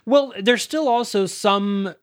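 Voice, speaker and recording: Podcast co-host, male, high-ish voice, dry close sound, exasperated laugher. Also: slow, smooth, no echo. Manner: laughing, exasperated, swears freely. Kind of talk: casual movie review chat.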